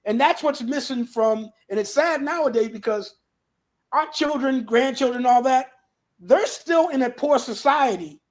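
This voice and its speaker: High-pitched guy in his 50s telling stories on a talk show, lively, lots of "you know". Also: measured pace. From New Bedford, Massachusetts area. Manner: animated storyteller, acts out others in a lower voice, peppered with "you know". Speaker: guest. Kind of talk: casual storytelling interview.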